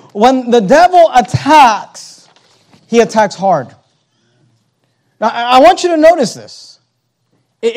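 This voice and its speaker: High-voiced man preaching a sermon. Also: darkish tone. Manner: emphatic preaching with rhetorical questions; reads scripture aloud in King James wording.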